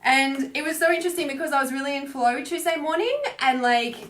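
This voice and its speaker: Woman spiritual coach, casual livestream, rambles with lots of "like," swears freely, slightly high voice. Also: a little fast, a bit bright.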